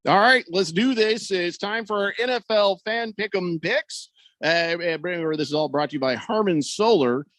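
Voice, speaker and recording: A man's voice: high-pitched, moderate pace, a bit bright, no echo. A man hosting sports talk radio in a studio, joking around and reading out listener comments. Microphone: studio microphone.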